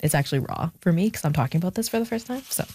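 The speaker, a young adult author guest, reflects frankly on her family during a personal interview, turning emotional before laughing it away. Her voice sits on the low side, with a dark, breathy edge, and she races along in an animated way.

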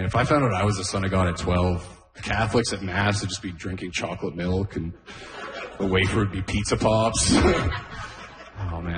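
A man's voice: low voice, fairly bright tone. A man doing a stand-up comedy set on a club stage, talking loosely and chuckling at his own jokes. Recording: roomy club sound.

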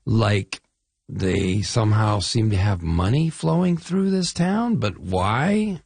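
A middle-aged man from the Chicago area talks in a casual interview, spinning animated stories full of lists and restarts. His voice is gravelly and slightly husky. It sounds close and dry, with no room around it. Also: lowish voice, slow, no echo. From Chicago area, US Midwest. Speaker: actor guest.

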